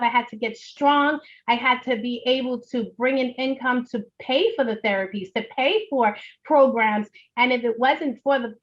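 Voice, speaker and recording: A Bronx woman with a New York accent shares her story in an earnest, driving way, leaning on repeated phrases. Her voice sits high. The sound is a little dull, like a video call. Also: fairly bright tone. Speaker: guest, notary signing agent. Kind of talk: emotional personal testimony.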